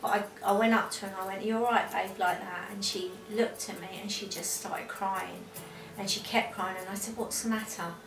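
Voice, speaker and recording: A woman interviewed for a documentary, telling a family story in a lively way and acting out what others said. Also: mid-range voice, moderate pace, few pauses. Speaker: interviewed relative. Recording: echoey room from a distance. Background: music.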